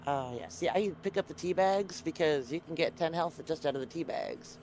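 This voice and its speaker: A man's voice: a little high, moderate pace, darkish tone, slight background noise. Upbeat man chatting about a game. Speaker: gaming podcast co-host. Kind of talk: casual chat about a game.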